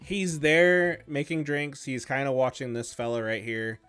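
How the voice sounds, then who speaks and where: A man at mid pitch narrating a tabletop game as its game master. His delivery is relaxed and playful, and faint music plays underneath. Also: a little slow, clean tone.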